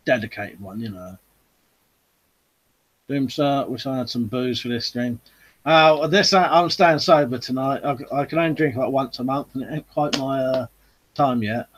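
Male stream host, husky, relaxed chatty delivery, reads and answers comments. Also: mid-range voice, moderate pace. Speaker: host of a live chat stream. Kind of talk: casual live-stream chat.

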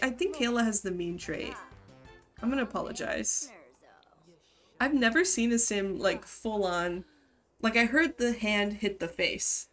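A woman with a fairly high voice gives live gameplay commentary at an unhurried pace. She talks casually, laughs often and scolds her characters. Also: a bit bright. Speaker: streamer.

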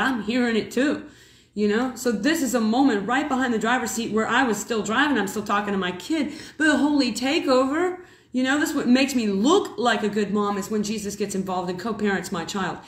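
A woman in her thirties, a mother, telling a rambling spiritual story in a casual, animated way. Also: a little high. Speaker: mother and preacher. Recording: echoey room.

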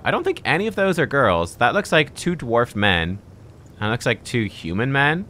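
A man's voice: medium pitch, big pitch swings, moderate pace, pushed and bright, slight background noise. A man giving gameplay commentary as a let's play host, with wry, incredulous asides.

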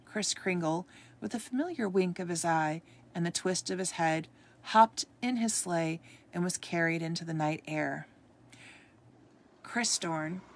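Gravelly, low-voiced woman reading a story. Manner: expressive read-aloud, occasional stumbles. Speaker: storybook reader. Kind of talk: reading a ghost story aloud.

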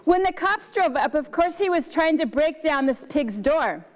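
A woman reading a picture book aloud at a library, in an expressive, playful way. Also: high-pitched, moderate pace, in a large hall. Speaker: library storyteller.

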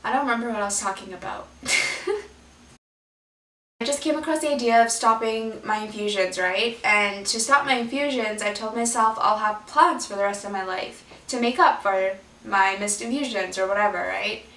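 A woman's voice: mid-range voice, normal speed, bright, forceful tone, recorded from a distance. A young woman, a vlogger, talking candidly and rambling to her viewers, her face partly numb. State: left side of face numb, drooling. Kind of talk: personal vlog. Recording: echoey room, voice from off the mic.

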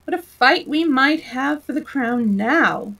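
A woman voicing a boastful, careless male unicorn who speaks eagerly and loudly in a storybook reading. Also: high-pitched, expressive, slow, voice pushed up, heavily acted. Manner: eager, loud, swaggering.

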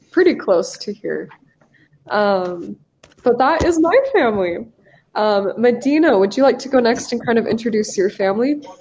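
A woman's voice: a little high, darkish tone. A young woman in her twenties from the United States, an English teacher leading a live online class, upbeat and encouraging with casual fillers, heard over a video call.

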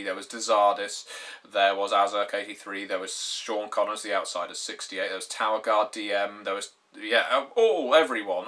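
A British YouTube gaming host in his twenties, with a lowish voice that is pushed and bright, addresses the camera casually. His delivery is dry and sardonic, full of wry humor.

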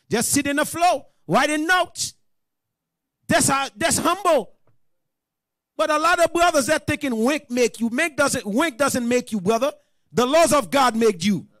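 A man with a high-pitched voice preaches to a class with emphatic, direct delivery, again and again checking that his listeners understand. The sound is dry and close, with little room in it. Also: a bit bright, dry recording. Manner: emphatic, asks "you understand?" often. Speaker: class teacher. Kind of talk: sermon-style teaching.

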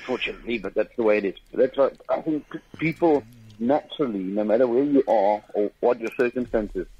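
A South African man, a comedian guest, chatting in a lively storytelling way in a radio studio. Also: mid-range voice, breathy edge. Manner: lively storyteller with quick bursts of mimicry. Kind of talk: casual interview chat. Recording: dull radio studio sound.

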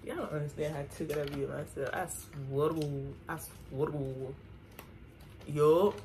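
A woman's voice: low-pitched, a little fast, noisy background. A young woman chatting casually while doing her makeup, slangy and singing snippets between remarks. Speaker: beauty vlogger. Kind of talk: casual get-ready-with-me chat.

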